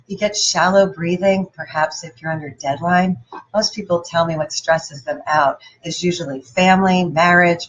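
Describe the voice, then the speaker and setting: A woman giving a playful, animated motivational talk and putting questions to her audience. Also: medium pitch, lo-fi sound. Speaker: motivational speaker.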